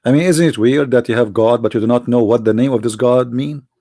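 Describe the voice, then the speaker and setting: A man's voice: medium pitch, a little fast, warm tone, no echo, clean studio sound. A man with an Arabic accent hosting a live call-in debate stream, asking insistent, challenging questions. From Middle East. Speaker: debate livestream host.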